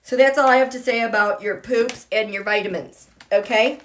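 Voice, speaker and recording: A woman hosting a live tarot and astrology stream, excitable and gushing, swinging between loud exclamations and soft murmurs. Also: on the high side, moderate pace, slight background noise. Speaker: tarot and astrology channel host.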